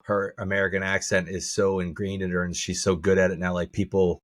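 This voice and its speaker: A man's voice: low-pitched, level tone, brisk. A man co-hosting a podcast in casual chat, laughing often, stammering and restarting his sentences. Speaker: podcast co-host.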